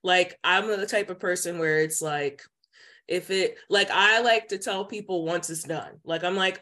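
A woman speaking as a podcast guest, telling a personal story in casual chat, filled with "like" and lively quoted voices. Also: lowish voice, moderate pace. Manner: chatty, many "like" fillers, animated quoting voices. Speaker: podcast guest, psychic intuitive.

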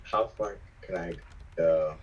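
A teenage boy with a raspy, lowish voice, talking in a hesitant, casual way as a guest on a friend's podcast. The recording is dull and lo-fi, with the top end muffled. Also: slow, a little mellow, slight background noise. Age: teens. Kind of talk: casual chat and reading aloud.

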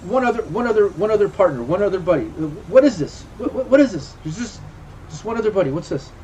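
A man voicing a panicky, cornered male gang thug who stammers and curses in a high strained voice. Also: animated, fast, warm tone, a little hiss or hum. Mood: nervous pleading. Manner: stammering, frantic, repeats himself.

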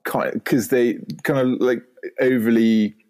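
A man's voice: mid-range voice, steady tone, measured pace, a little mellow. A young man from England with a posh London English accent, chatting as a podcast guest, hesitant and stammering. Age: 20s. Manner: hesitant, stammering, self-conscious. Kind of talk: casual chat.

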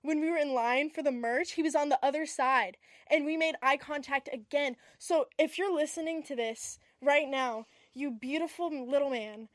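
A woman's voice: high-pitched, normal speed, few pauses, dry recording, clean studio sound. A young woman co-hosting a podcast, chatting in a playful, gushing way with many fillers. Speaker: podcast co-host. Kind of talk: casual chat.

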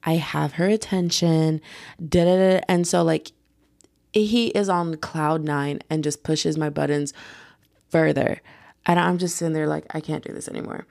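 A young woman vlogger telling a story in a chatty, lively way, acting out the quotes. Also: deep voice, a little slow, vocal fry, no room sound, clean studio sound. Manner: chatty, lively retelling full of "like" and acted-out quotes. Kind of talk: casual storytime.

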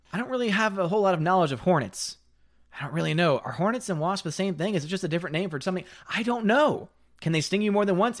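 A man's voice: fairly high pitch, a bit bright. A man hosting a live stream, reading out viewer comments in a casual, joking way and laughing often.

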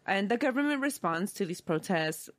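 A woman's voice: medium pitch, expressive, moderate pace, no echo, studio quality. A woman co-hosting a chat podcast, telling a story in a casual, chatty way with frequent ums and likes.

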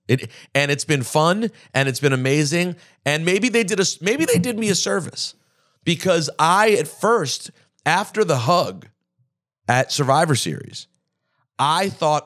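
A man's voice: a little high, a bit bright. A man co-hosting a podcast, chatting casually and thinking aloud with fillers and restarts. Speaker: podcast co-host. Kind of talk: casual chat.

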